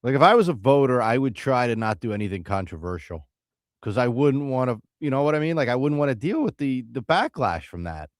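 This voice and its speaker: A man's voice: medium pitch, big pitch swings, a little fast, no room sound. Male co-host, easygoing sports-radio banter, dry studio sound. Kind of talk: casual sports talk radio.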